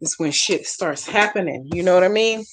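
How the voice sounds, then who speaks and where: A woman's voice: fairly low pitch, moderate pace, background noise. A woman hosting a live stream, chatting casually with viewers by name and talking back to their comments in a blunt, profane, outspoken way.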